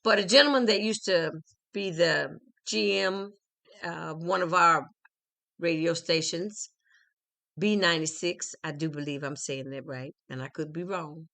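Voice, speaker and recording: Lady host, bright sharp voice, keeps saying okay right, chatty. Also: deep voice, unhurried, vocal fry. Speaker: interview host. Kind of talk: conversational interview.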